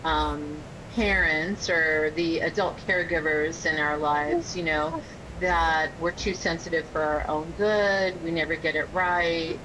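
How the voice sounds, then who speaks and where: A woman guest on a podcast, an energy healer speaking in a measured way and listing terms one after another. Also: fairly even intonation. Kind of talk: casual podcast interview. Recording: loud low rumble noise.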